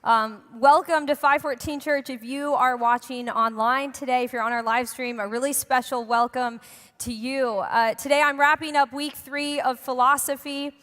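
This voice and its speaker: A woman's voice: high-pitched, steady tone, moderate pace, a bit bright. A young woman preaching a sermon in a church, chatty and joking with the congregation. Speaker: pastor. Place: church hall. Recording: long hall reverb.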